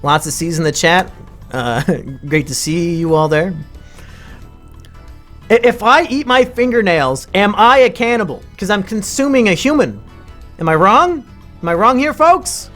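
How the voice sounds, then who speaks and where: A man live-streaming with crude, sarcastic commentary, now and then breaking into shouting rants. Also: high voice, lively intonation, moderate pace, soft background music. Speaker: streamer ranking mental illnesses.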